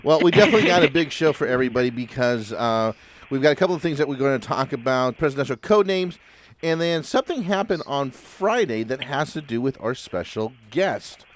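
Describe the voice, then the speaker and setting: A man's voice: mid-range voice, expressive, brisk. A man hosting a casual podcast chat, upbeat and chatty, laughing often. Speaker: podcast host.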